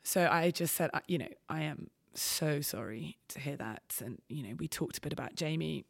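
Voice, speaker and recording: A woman's voice: low voice, normal speed, vocal fry, dry recording, studio quality. A woman expedition medic candidly tells a personal story as a podcast guest, hesitant and full of restarts. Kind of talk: candid anecdote in conversation.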